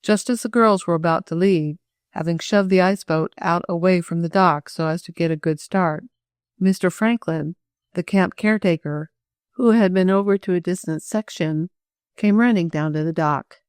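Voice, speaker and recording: A woman narrating a children's audiobook in a steady, even reading manner. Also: on the low side, moderate pace, smooth, no echo, clean studio sound. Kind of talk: scripted narration.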